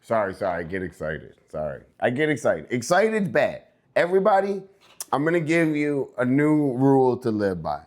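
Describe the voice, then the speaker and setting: A man's voice: medium pitch, big pitch swings, normal speed, a little mellow. A young American man hosting a casual livestream, laid-back and rambling, breaking into hyped, sing-song bits. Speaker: livestream host.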